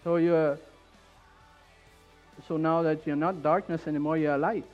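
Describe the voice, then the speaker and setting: A man with a French Canadian accent preaching a fervent sermon in church, repeating his points and building up to shouts. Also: a little high, fairly even intonation, measured pace, narrow, tinny audio, soft background music.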